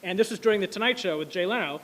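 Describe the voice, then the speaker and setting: High-voiced man telling a lively story. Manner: quick, animated, many fillers. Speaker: speaker at an anniversary event. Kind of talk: casual storytelling talk.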